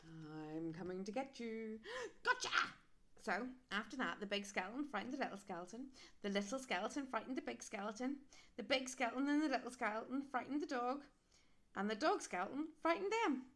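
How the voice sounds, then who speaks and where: Lively woman reading a storybook. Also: fairly high pitch, fast talker. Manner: animated, with sound effects and asides to listeners. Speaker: storyteller reading a picture book to children.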